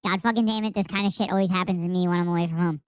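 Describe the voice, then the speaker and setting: A man speaking through a high-pitch voice changer filter, reading quickly and swearing casually. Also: fairly even intonation, smooth, dry recording.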